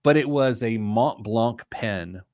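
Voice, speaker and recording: A man's voice: medium pitch, slow pace, a little mellow, no echo, clean studio sound. A middle-aged man co-hosting a podcast, chatting in a jokey, self-mocking way and often breaking into laughter. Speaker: podcast co-host. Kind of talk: casual chat and read-out segment.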